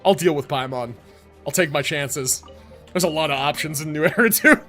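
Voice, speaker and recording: A man live-streams a video game in a bright, forceful voice on the high side, speaking at a moderate pace. He jokes, rambles, and swears plenty through his casual commentary, with game music in the background.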